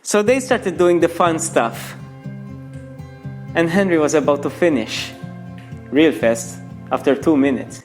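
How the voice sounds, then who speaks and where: A man's voice: a little high, measured pace, long pauses, soft background music. A young man reading a crude comic story aloud, breaking off for mocking asides to the listener. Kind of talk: mock bedtime story reading.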